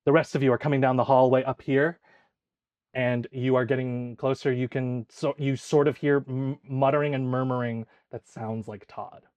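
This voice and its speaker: A man's voice: mid-range voice, little pitch movement, moderate pace, a little mellow, no echo. Man narrating a tabletop game. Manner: vivid, descriptive narration. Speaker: game master.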